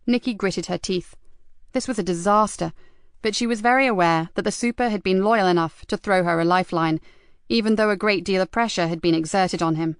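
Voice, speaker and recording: A woman reading an audiobook as the narrator, in a measured, even storytelling manner. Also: medium pitch, clean tone, no room sound, studio quality. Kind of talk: scripted narration.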